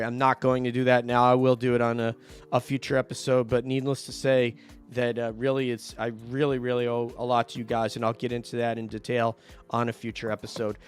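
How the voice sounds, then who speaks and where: A man from New York hosting a casual video call chat, jokey and quick to laugh, often trailing off mid-sentence. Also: medium pitch, a bit bright. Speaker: host.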